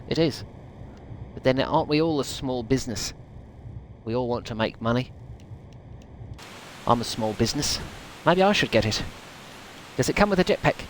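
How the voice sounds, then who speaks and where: A man chats through a gaming livestream, rambling and laughing along with his viewers. His voice sits at a middling pitch, with a faint hiss beneath it. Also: rough recording. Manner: chatty and rambling, laughs often. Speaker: streamer. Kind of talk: casual gaming livestream chat.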